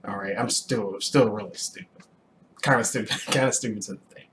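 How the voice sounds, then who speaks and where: A young adult man casually recounting a personal story to the camera, animated, with frequent restarts and throat clearing. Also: fairly low pitch, a little fast, a little hiss or hum. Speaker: vlogger telling a personal story.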